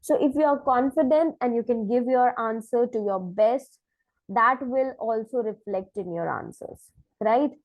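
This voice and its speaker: A woman's voice: a little high, moderate pace, no echo, poor audio. A woman teaching an online lesson, explaining points step by step and checking in with "right?". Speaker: IELTS teacher.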